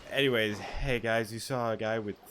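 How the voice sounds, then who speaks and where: A man's voice: on the low side, fairly even intonation, moderate pace, background noise. A man casually commenting while playing a game, joking and crude.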